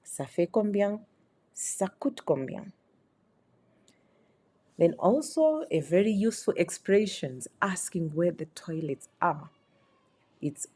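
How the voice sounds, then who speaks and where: Slow, low-voiced woman teaching phrases. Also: lively intonation, a little mellow, husky. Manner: slow, patient explaining with repeated examples. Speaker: French teacher.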